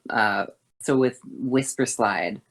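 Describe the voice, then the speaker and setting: A woman voice teacher explaining vocal exercises in a halting way, with many fillers and self-corrections. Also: extremely low pitch.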